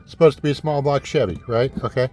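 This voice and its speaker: A man's voice: mid-range voice, fast talker, darkish tone, faint music behind. A man hosting a diecast car vlog in a casual, exasperated ranting way, swearing often and sarcastically calling his viewers kids. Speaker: diecast collector host.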